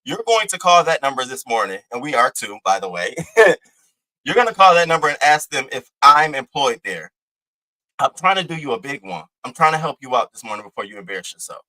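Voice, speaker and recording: A man's voice: medium pitch, big pitch swings, a little fast, pushed and bright, rough recording. A young man hosting a livestream, delivering brash, profane, taunting trash talk at a rival. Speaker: live-stream host. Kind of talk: heated livestream rant.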